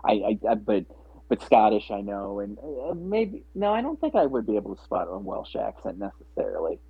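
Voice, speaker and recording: A man's voice: on the low side, sing-song, moderate pace, gravelly, slightly rough, no room sound. A man chatting casually about films, rambling with many restarts and fillers. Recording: dry, phone-like narrow sound.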